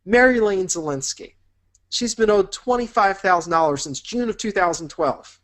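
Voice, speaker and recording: A man's voice: high-pitched, normal speed, fairly bright tone. A man teaching a business course in an upbeat, encouraging way, painting vivid imagined scenes for the listener. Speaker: business instructor. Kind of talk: motivational teaching talk.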